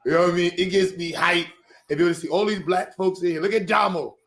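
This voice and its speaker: A man hosting an online community meeting, talking in an energetic, hyped, slangy way and calling out to people. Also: sits high, fast, roomy sound. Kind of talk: casual, excited hosting.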